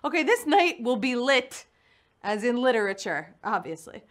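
A woman's voice: a little high, sing-song, moderate pace. A young woman hosting a live quiz show, playful and punny, chatting with her players. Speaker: game show host. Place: studio in New York.

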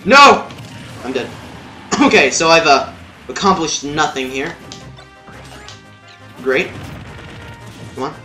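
A young man commentating his own gameplay, swearing, yelling and muttering at the game. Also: a little high, lively intonation, slow, pauses often, echoey room, soft background music. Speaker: let's play gamer.

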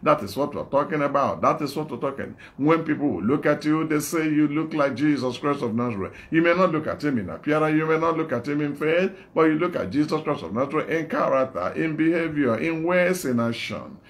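A man's voice: fairly high pitch, animated, fairly quick, hardly any pauses. A man with a Nigerian English accent preaching a sermon as an evangelist, repeating his phrases in an exhorting, call-and-response way.

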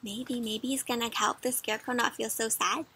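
Bright, high-voiced woman reading aloud. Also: fairly even intonation, moderate pace, husky. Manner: gentle, asks the listener questions. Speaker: children's storybook reader. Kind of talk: interactive read-aloud for kids.

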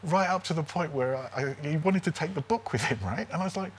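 A man's voice: a little high, fast. Forties male comedian, chatty anecdote teller, keeps asking "right?", slight background hiss. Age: 40s. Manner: animated, keeps tagging lines with "right?". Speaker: comedian guest. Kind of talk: casual comic storytelling.

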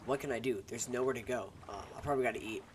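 A young gaming YouTuber talks very fast at medium pitch, offering casual, self-deprecating commentary as he plays, rambling and joking with viewers. He uses a headset mic, and the noisy home recording picks up keyboard clicks.

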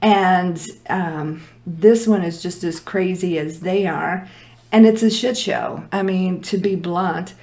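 Hoarse woman tarot reader, lowish voice, blunt and emphatic, roomy echo. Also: takes it slowly, darkish tone. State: losing her voice. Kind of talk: casual tarot reading. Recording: echoey room.

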